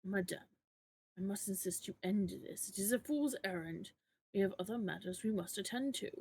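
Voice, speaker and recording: A woman's voice: medium pitch, normal speed, darkish tone, slight background noise, natural voice. A woman voicing a haughty, indignant male priest with a put-on French accent, while reading a game aloud. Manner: indignant and protesting.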